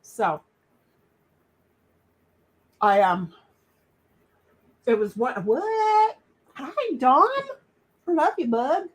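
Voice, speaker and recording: A woman's voice: fairly high pitch, sing-song, drawn-out words, pauses often, breathy edge. A woman hosting a livestream in casual, rambling chat, talking while she eats. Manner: rambling, chatty, talks while eating. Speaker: livestream host.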